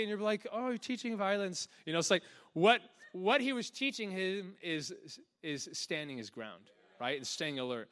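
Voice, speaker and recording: Lively young male preacher, laughing often. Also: moderate pace, few pauses. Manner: energetic, laughing, acts out quotes in soft low voice. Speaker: pastor. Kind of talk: sermon.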